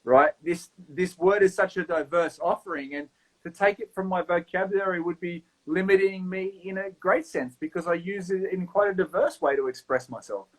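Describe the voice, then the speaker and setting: Blunt, high-voiced Australian man. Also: moderate pace, poor audio. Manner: blunt, swears freely, animated. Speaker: round table co-host. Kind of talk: casual chat.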